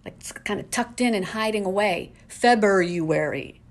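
A woman's voice: medium pitch, steady tone, fairly quick. A woman hosting a casual solo podcast from home, ranting in an exasperated way with lots of rhetorical questions. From New England. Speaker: podcast host.

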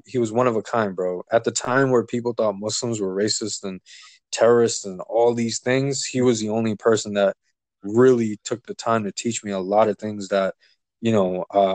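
A man's voice: on the low side, dry recording. A man telling a personal story in casual chat, acting out the voices of the people in it. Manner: animated, acts out quoted dialogue. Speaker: guest telling a life story.

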